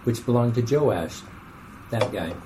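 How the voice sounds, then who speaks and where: A man in a Bible study class reading a scripture passage aloud in a steady, plain way. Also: mid-range voice, unhurried, background noise.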